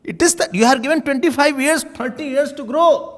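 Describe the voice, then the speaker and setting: A man giving a spiritual sermon, animated and acting out little scenes as he teaches. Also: extremely high pitch, a little fast. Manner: animated, acts out little scenes, chuckles often. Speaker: swami giving spiritual talks.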